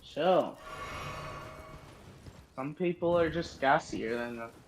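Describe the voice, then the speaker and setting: Slow-talking man, faint hiss behind. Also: on the high side, fairly bright tone, rough recording. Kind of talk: casual chat.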